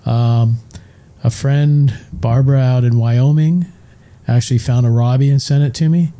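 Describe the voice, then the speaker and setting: A man with a very dark, mellow tone chats in a rambling, enthusiastic way. He talks as a co-host of a casual show, at an ordinary middle pitch. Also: steady tone, normal speed. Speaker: co-host, show's chief engineer. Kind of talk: casual podcast chat.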